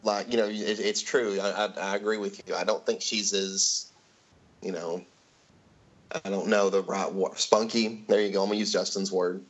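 Hesitant low-voiced man, muffled mic. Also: little pitch movement, normal speed. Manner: hesitant, searches for words. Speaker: podcast co-host. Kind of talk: casual film podcast chat.

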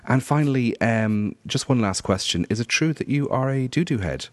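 A man's voice: mid-range voice, lively intonation, moderate pace, no room sound, close to an everyday voice. A man voicing a perky male talk-show host in a pre-recorded comedy skit, with a chirpy, sing-song interviewer tone. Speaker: mock interviewer.

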